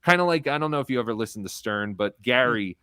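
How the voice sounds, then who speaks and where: Male comedy guest, mid-pitched voice, loose and profane, storytelling. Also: lively intonation, fast talker, bright, forceful tone, clean tone, dry recording, clean studio sound. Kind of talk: casual live-stream interview.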